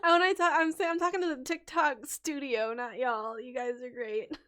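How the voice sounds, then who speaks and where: A woman's voice: sits high, steady tone, moderate pace, a bit bright. A woman hosting a casual livestream and reading viewer names aloud from chat. She giggles often, gets distracted and stumbles over names as she scrolls. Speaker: livestream host and storytelling bard.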